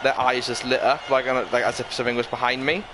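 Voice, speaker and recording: A man's voice: mid-range voice, fast talker. A young man in his twenties hosting his channel, telling a long story in a rambling, chatty way, laughing as he goes. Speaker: channel host. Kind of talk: casual storytelling to camera. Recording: steady background noise.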